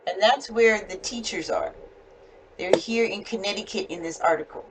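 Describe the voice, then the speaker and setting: A woman with a standard North American accent teaching a one-on-one English lesson over a video call. She explains slowly and clearly, with patience. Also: mid-range voice, background noise. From United States.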